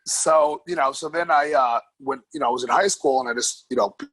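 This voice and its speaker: Husky male guest, dry mic, animated casual storyteller. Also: mid-range voice, brisk, dry recording, poor audio. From New York. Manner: animated, laughs often, swears casually. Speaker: podcast guest, grappling coach.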